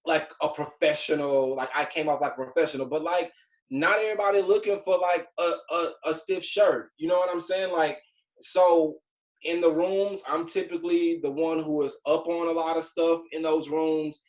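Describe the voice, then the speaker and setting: A Southern US man in his forties, a TV writer, chats with a group about his career, rambling in a laid-back way and saying "like" constantly. His voice is a little high with fairly even intonation and a moderate pace. The low-quality recording sounds echoey, as if made in a reverberant room.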